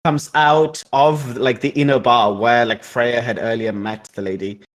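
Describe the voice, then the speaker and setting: A man's voice: mid-range voice, fairly even intonation, unhurried. A man running a tabletop game as game master, narrating in a rambling way full of fillers.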